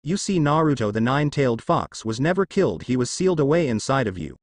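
A man's voice: mid-range voice, very animated, fast talker, dry recording, studio quality. A man voicing a treacherous adult male ninja who sneers and threatens revenge. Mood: sneering. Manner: sneering, spiteful. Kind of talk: fan fiction narration.

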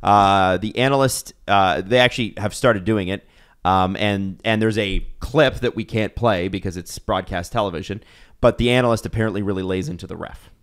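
A man's voice: lowish voice, normal speed. A man, hosting a casual hockey podcast and talking in long, rambling runs. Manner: animated, rambling with restarts. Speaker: podcast host.

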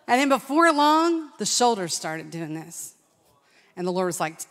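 A middle-aged woman telling a personal testimony at a conference, lively and storytelling, acting out what people said. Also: mid-range voice, a little slow. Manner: animated storytelling with laughs and acted-out quotes. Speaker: conference speaker. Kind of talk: testimony sermon. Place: large church hall. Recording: long hall reverb.

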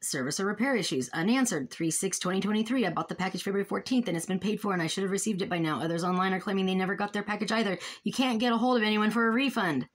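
A woman's voice: mid-range voice, very fast, few pauses. Frustrated woman vlogging a complaint. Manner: frustrated, exasperated, rambling with restarts. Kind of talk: casual complaint vlog, reading out emails and complaints.

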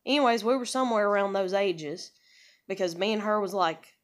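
A woman's voice: mid-range voice, a little fast. A woman telling personal stories in a casual vlog. She rambles frankly and swears freely, with many fillers and restarts. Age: adult with a child. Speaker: vlogger.

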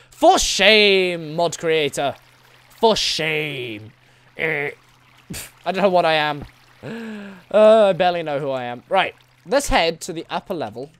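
A gaming video host rambles playfully through solo commentary on his own gameplay, chatting to the creatures he runs into and erupting in excited shouts. His voice sits a little high and sounds smooth, with no echo in the recording.

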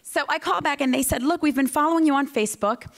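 A woman giving a motivational speech at a ceremony, telling her story in an animated way and acting out the dialogue. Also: sits high, quick pace, gravelly. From United States. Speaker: guest speaker. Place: ceremony hall.

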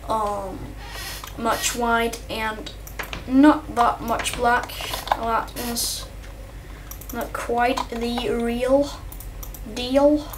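A young male gamer doing rambling, excitable let's-play commentary, chatting to his viewers and his in-game pet. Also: medium pitch, noisy background. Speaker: gameplay commentator. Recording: distant mic with faint keyboard typing.

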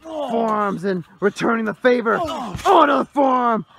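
A man doing wrestling play-by-play commentary, moving between hushed, dismayed muttering and shouted excitement over big moves. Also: very high voice, normal speed, gravelly, a little hiss or hum.

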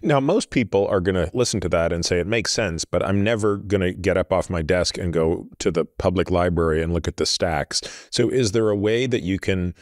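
A man hosting a podcast interview, asking thoughtful, measured questions. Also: low-pitched, no room sound, clean studio sound. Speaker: podcast host. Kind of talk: conversational interview.

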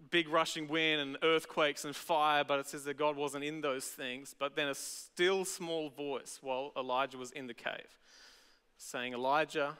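An Australian man preaches a sermon in a lively, conversational way, acting out everyday voices. His voice sits high and bright, smooth and resonant. A long hall reverb trails behind his words. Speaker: pastor. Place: large church auditorium.

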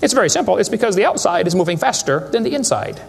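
A man's voice: high voice, big pitch swings, fast talker, creaky. A man speaking to a live audience, giving a humorous lecture in a folksy, joking way with rhetorical questions.

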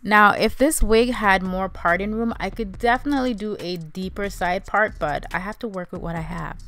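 A woman's voice: mid-range voice, moderate pace, fairly bright tone, soft background music. A young woman narrating a wig tutorial in a casual, chatty way, calling her viewers "you guys" and "honey". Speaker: beauty vlogger.

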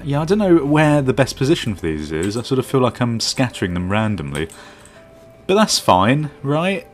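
A man's voice: mid-range voice, big pitch swings, normal speed. A man giving casual let's-play commentary, thinking aloud and teasing himself as he plays. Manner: thinks aloud, self-mocking asides. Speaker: game commentator. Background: faint background music.

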